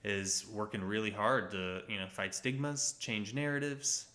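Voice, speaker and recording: Bright-voiced man chatting casually on a livestream. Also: lowish voice, unhurried. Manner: easygoing, chatty, reacts to viewer comments. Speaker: co-host of a couple's livestream. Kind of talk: casual live chat.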